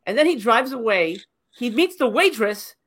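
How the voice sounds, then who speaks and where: A woman's voice: on the high side, expressive, moderate pace, fairly bright tone. Woman, podcast co-host, exasperated, profane, mocking impressions of scenes. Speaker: podcast co-host reviewing a movie. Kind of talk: casual podcast chat.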